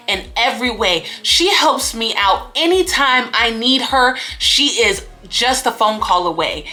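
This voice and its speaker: A woman's voice: medium pitch, sharp tone. A woman in her late twenties, a content creator sharing life lessons in a chatty, emphatic way and acting out little scenes. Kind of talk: casual life-lesson vlog.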